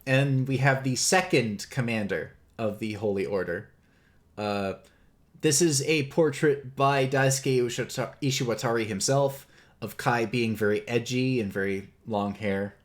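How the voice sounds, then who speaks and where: A man hosting a live stream, slowly explaining game lore with many fillers and laughs. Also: mid-range voice. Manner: slow, rambling, many fillers, laughs often. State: clearing his throat. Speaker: host presenting game lore. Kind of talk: casual livestream lecture.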